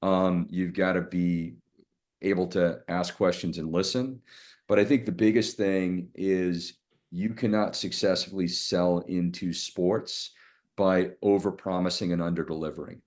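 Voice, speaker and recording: A middle-aged man speaks as a podcast guest from a hotel room, his voice very low and deep. He talks candidly, circling back and restarting his sentences as he goes. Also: fairly even intonation, unhurried, a little mellow. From Boston area, USA. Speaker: guest, sales executive. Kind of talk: casual podcast interview.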